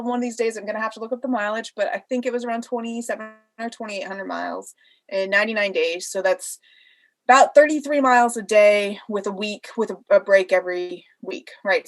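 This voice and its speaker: A pregnant woman telling stories in a casual podcast interview, laughing often and acting out the voices of people she quotes. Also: medium pitch. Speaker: interview guest.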